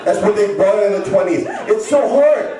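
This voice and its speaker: Stand-up guy rambling and stuttering, yells a lot, far off mic in a super echoey club, crowd laughing. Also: high voice, expressive, moderate pace. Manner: rambling, stammering, bursts into shouting. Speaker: stand-up comedian. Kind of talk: stand-up comedy set. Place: bar stage with live audience.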